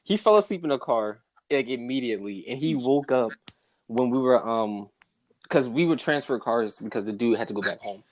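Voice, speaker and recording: A young man co-hosting a podcast, telling stories in a relaxed, teasing way with frequent laughs. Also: medium pitch, moderate pace, no echo, poor audio. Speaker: podcast co-host. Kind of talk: casual chat.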